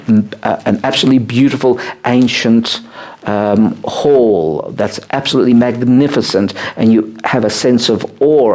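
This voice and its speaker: A rabbi teaching a small live group, explaining ideas with animated, swooping emphasis and many "uh" fillers. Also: male voice. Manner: animated, swooping pitch on key words, frequent "uh" fillers. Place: room with a small seated group.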